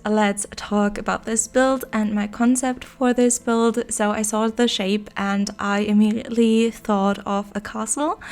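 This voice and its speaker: A woman with a stuffy, nasal voice from being sick, chatting casually and enthusiastically as a Sims builder narrating her own speed build, with plenty of filler words. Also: on the high side.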